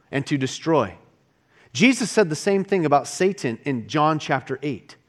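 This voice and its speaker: A man's voice: sits high, a bit bright. A man preaching a sermon as a pastor, talking in a conversational way and often restarting his words.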